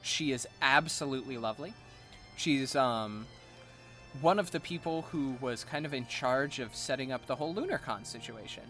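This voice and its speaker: A man chatting casually while streaming a game, chatty and excitable. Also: medium pitch, normal speed, soft background music.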